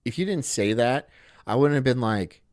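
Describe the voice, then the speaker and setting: A man's voice: medium pitch, expressive, moderate pace, darkish tone. A man streaming casually, reading chat and rambling through crude jokes that he often laughs at himself.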